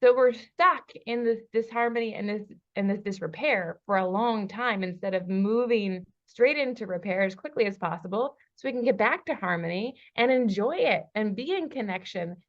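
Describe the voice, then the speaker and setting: A woman relationship coach telling a personal story in a podcast conversation. She is animated, acting out the dialogue between herself and another person in shifting voices, and laughs now and then. The audio is a little dull and lo-fi. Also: mid-range voice, moderate pace, few pauses. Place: lives in Bali.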